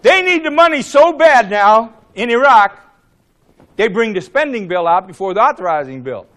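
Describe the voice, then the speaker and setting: A man in his seventies from Ohio, a former congressman giving a blunt, animated rally speech, acting out the exchanges he describes. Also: high-pitched, normal speed. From Ohio, USA. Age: 70s. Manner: animated, acts out quoted exchanges, blunt and profane.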